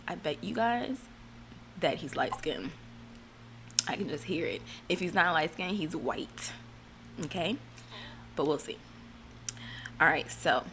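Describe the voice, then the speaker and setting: Low-voiced, blunt woman vlogger. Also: background noise. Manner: blunt, profane, rambling with fillers. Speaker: reality TV recap vlogger. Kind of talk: casual commentary.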